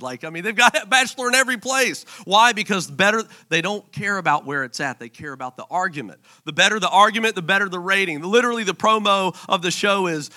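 Male pastor, playful and animated sermon, high bright voice. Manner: playful, animated, joking asides.

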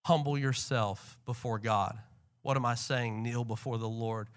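A man preaching a sermon to a church congregation, animated, swinging between soft and loud passages. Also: mid-range voice, unhurried, clear, resonant tone. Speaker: pastor. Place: church sanctuary.

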